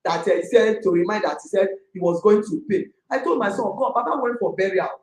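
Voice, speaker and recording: A middle-aged woman with a Nigerian accent, a landlady complaining about a tenant in an emphatic, excitable way. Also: mid-range voice, fairly quick. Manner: emphatic, excitable, talks forcefully. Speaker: landlady in a dispute. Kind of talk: heated complaint. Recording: echoey room.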